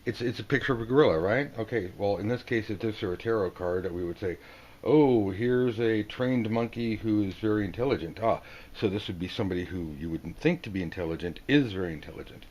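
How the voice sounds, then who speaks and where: A man giving a casual tarot video lesson, joking and acting out the people on the cards in quick silly voices. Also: low voice. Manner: playful, jokey, acts out card characters in quick silly voices. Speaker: tarot teacher.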